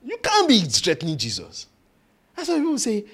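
A man preaches, his pitch rising and falling in a lively way. He mimics doubters in playful voices and keeps asking his listeners questions. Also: brisk, breathy edge. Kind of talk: sermon.

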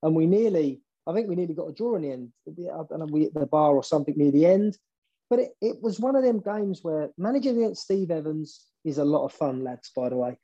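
Man, former football manager, interview guest, dark mellow voice, animated, repeats words, dull lo-fi audio. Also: on the high side, fast talker. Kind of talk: storytelling interview.

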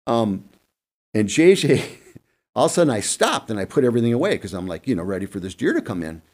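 A man telling hunting stories casually on a panel, acting out quick asides with an animated delivery. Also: fairly low pitch. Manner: animated, acts out deer and buddies in quick asides. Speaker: guest hunting expert. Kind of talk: casual storytelling on a podcast panel.

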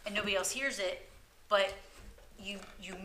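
A woman's voice: mid-range voice, normal speed, sharp tone, slight background noise. A woman chatting casually as a paranormal investigator, rambling through stories and acting out what she heard. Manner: rambling storyteller, acts out quoted voices. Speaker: paranormal investigator, podcast co-host. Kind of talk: casual group chat.

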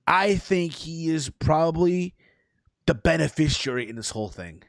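A man on a wrestling podcast who rambles through his points, throwing in "listen" and "bro" along with casual swearing. His pitch swings widely as he talks, and the mic sounds dry and close. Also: lively intonation, normal speed, creaky, no echo. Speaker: podcast co-host.

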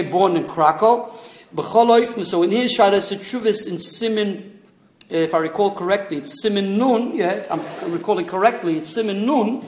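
A man giving a rambling, digressive informal religious lesson, sprinkling in Hebrew and Yiddish terms. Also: sits high. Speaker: Torah teacher. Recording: roomy echoey room.

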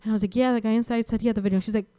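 A young woman telling a rambling, animated story in casual chat. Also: fairly high pitch, very fast, clear, resonant tone. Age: young adult.

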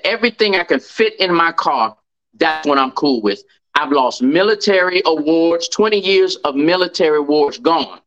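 A man's voice: a little high, fairly bright tone, dull audio. A middle-aged man, a podcast guest telling a personal story. He stresses and repeats key phrases.

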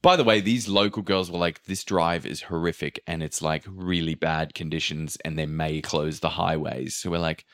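A man's voice: low voice, fairly even intonation, moderate pace, hardly any pauses, fairly bright tone. A man casually recounting a chaotic trip, acting out quotes and swearing freely. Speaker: podcast host telling a travel story. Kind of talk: casual storytelling chat.

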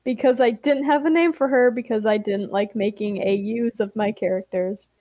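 A woman co-hosting a podcast, telling a role-play story in a playful way, quick to laugh. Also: on the high side, fairly even intonation, no echo, narrow, tinny audio. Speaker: co-host and storyteller. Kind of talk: casual narrated role-play.

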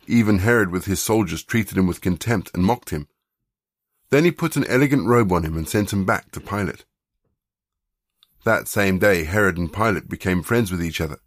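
A man leading a prayer and reading scripture aloud in a measured, reverent way. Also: sits low, no room sound, studio quality. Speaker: scripture reader.

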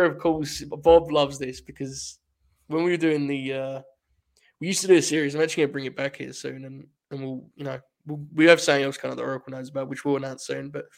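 A man hosting a podcast in casual chat, animated and swearing freely. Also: mid-range voice, gravelly. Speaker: podcast host.

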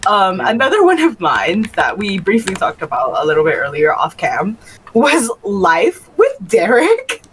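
A woman's voice: medium pitch, huge pitch swings, unhurried, slight background noise, low-quality recording. Giggly woman gushing on a podcast. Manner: giggly, gushing, quotes people in put-on voices. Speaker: podcast co-host. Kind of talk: casual chat.

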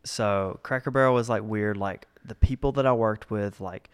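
A man's voice: lowish voice, normal speed, clean tone. A man in his thirties chatting casually, telling stories from old jobs and acting out the people in them. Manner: laid-back storytelling, acts out quoted people. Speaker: guest telling work stories. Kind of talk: casual chat.

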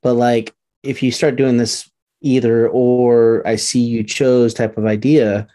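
A man with a mellow, rounded tone hosts the chat and answers his guest in a loose, rambling way, with plenty of fillers as he works toward his point. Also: mid-range voice, level tone, measured pace. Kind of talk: casual interview chat.

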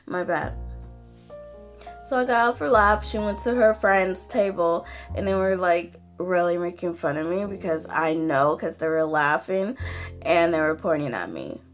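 A young woman vents casually on her own podcast in a lowish voice at a moderate pace, sounding tired. The solo rant is rambling and profane, packed with fillers and swearing, over soft background music.

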